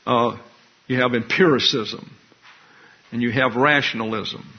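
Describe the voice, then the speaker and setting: A man's voice: mid-range voice, fairly even intonation, a little slow, husky. A man pastor giving an expository sermon, teaching in a wry, conversational way with asides. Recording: dull lo-fi recording.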